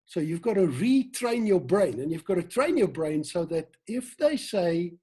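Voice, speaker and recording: A South African man leads an online sales training session on a video call. His voice is mellow and a touch husky. He keeps things lively, acting out quoted lines and throwing questions at his listeners. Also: high-pitched, moderate pace. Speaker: team trainer.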